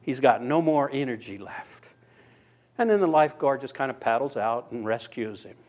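A man's voice: medium pitch, lively intonation, normal speed, a little mellow. A man preaching a sermon, telling a story and briefly acting out the people in it. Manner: storytelling, voicing characters in quotes. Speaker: pastor.

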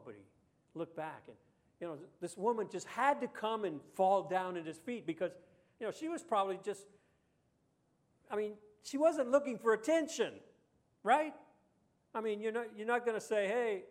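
A man preaching a sermon in a conversational way, asking the audience rhetorical questions and acting out the voices he quotes. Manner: acts out quoted voices with pitch jumps. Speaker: pastor.

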